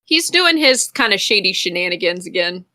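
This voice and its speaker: A woman playing a tabletop game, giggly and lively. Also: on the low side, normal speed, dry recording. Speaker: player. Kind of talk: casual chat at a gaming table.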